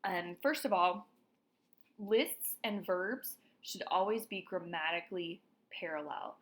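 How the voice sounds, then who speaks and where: A woman's voice: fairly low pitch, takes it slowly. A woman writing instructor giving a recorded lecture, talking students through example sentences and checking in with frequent "all right".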